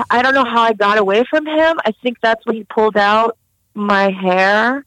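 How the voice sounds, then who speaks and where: A woman's voice: fairly high pitch, animated, normal speed, a bit bright, no echo, poor audio. A young woman recounting a personal story in an interview, casual and candid with many fillers. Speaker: guest.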